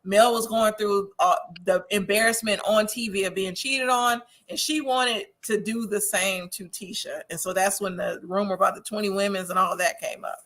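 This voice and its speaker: A woman's voice: medium pitch, fairly even intonation, moderate pace, few pauses, a bit bright. A woman from Wisconsin hosting a casual TV recap show, reading viewer comments aloud, chatty and opinionated, laughing often. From Wisconsin, USA.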